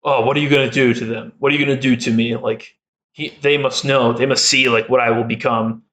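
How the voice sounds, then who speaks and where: A man voicing a defiant captured male militant leader in a fast quoted aside. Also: medium pitch, fairly even intonation, a bit bright, close to an everyday voice.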